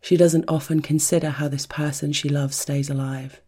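A narrator reading an intimate erotic story in a soft, hushed, rhythmic voice that often drops to a whisper. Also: mid-range voice, little pitch movement, normal speed, breathy edge.

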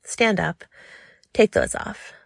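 Woman playing a commanding, teasing woman, low voice, slow, gravelly, dry sound. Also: huge pitch swings, no echo, heavily acted.

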